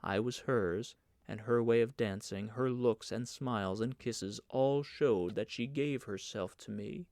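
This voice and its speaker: Guy reading an audiobook, even measured delivery, dry close sound, mid pitch. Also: no room sound. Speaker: audiobook narrator. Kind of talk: scripted narration.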